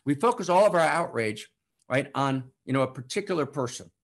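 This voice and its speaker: A man giving impassioned spiritual teaching, emphatic and repetitive, swinging from loud declarations to hushed, slow passages. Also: mid-range voice, lively intonation. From United States. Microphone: online broadcast to a live chat.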